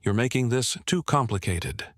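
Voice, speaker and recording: A man's voice: medium pitch, expressive, normal speed, no room sound, clean studio sound, natural voice. A man reading the lines of a scheming older male colonel, clipped and terse. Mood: curt.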